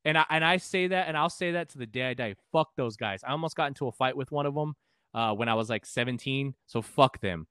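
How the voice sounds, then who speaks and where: A man's voice: mid-range voice, fast, a bit bright, clear, resonant tone, no echo, studio quality. A man from Texas, a podcast guest and musician, telling a story casually, profane and rambling with frequent restarts. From San Antonio, Texas.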